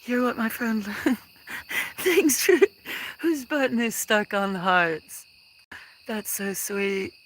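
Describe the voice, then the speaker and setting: A woman hosting a casual livestream from her farm, soft-spoken and touched, chatting with viewers. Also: a little high, expressive, takes it slowly, pauses often, poor audio. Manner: soft-spoken and emotional, thanking viewers warmly. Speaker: livestream host. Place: outdoors on a small farm.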